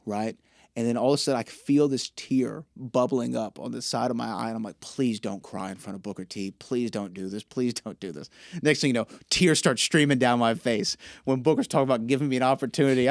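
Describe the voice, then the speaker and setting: A young man with a medium-pitched, creaky voice appears as a podcast guest; he's a wrestling ring announcer. In clean studio sound with no room tone, he tells stories animatedly in a casual interview, acting out quoted dialogue.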